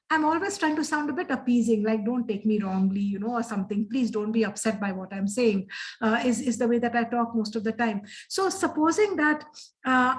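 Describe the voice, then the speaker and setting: A woman's voice: a little high, poor audio. Earnest woman speaker on a video call. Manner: earnest, reflective, frequent fillers. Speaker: guest speaker. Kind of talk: interactive session talk.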